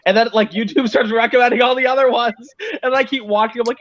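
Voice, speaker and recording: A man's voice: very high-pitched, expressive, fast talker, a bit bright, no echo, muffled recording. A man chatting casually on a stream, rambling and teasing himself with lots of fillers. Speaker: stream guest. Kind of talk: casual chat.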